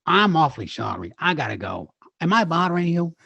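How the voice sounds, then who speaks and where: Brief: man impersonating a hesitant, apologetic older detective, a bit low, slightly dull lo-fi sound. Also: sing-song, gravelly, sharp tone, husky, no echo, full character voice. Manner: halting, apologetic, hems and haws.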